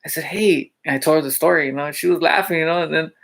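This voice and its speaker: A male teacher casually telling funny school stories to his viewers, chatty, with lots of fillers and quick check-ins, often laughing as he goes. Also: on the high side, gravelly, a bit bright. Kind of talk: casual storytelling vlog.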